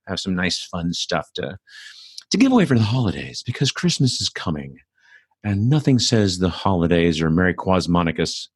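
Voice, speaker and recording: A man's voice: sits low, dry recording. A middle-aged man hosting his own show, talking alone in a blunt, profane, casual way with lots of fillers. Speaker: podcast host. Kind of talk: solo casual monologue.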